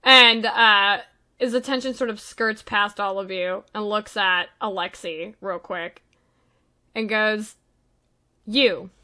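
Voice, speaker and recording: Woman game master, bright voice, hesitant, lots of fillers, tabletop narration. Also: medium pitch, steady tone, slow pace, clear, resonant tone.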